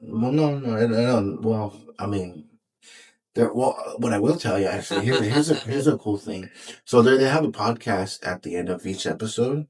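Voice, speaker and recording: A husky, low-voiced man co-hosts a podcast in loose casual chat. He rambles and restarts often, with plenty of fillers and casual swearing. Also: moderate pace, darkish tone, poor audio. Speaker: podcast co-host.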